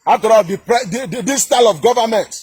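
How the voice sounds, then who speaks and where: This commentator, a man from southern Nigeria, speaks very high and fast with a darkish, slightly rough tone. Reacting to a video in his Nigerian accent, he delivers a heated political rant that's scornful and repetitive, packed with fillers and false starts.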